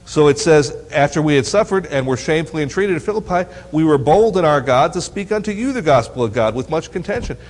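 A man's voice: fairly high pitch, fast talker, few pauses. A man teaching a Bible lesson to teens, reading verses aloud and quizzing his listeners with playful questions. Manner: asks the audience questions, teasing and lively. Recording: long hall reverb.

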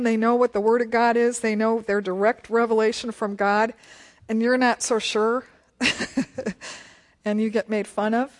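A woman leading a Bible study, reading scripture aloud and chatting about it, laughing often. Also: on the high side.

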